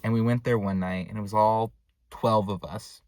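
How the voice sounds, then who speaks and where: A young man telling a casual story for his vlog, rambling with lots of filler words, recorded in a dark room at home. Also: fairly low pitch, fairly even intonation, normal speed, dry recording. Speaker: vlogger.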